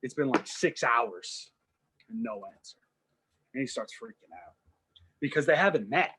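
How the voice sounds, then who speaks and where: A young man co-hosting a podcast, telling a made-up story in a loose, rambling way and slipping into quick character voices. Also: mid-range voice, lively intonation, background noise. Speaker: podcast co-host. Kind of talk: casual storytelling chat.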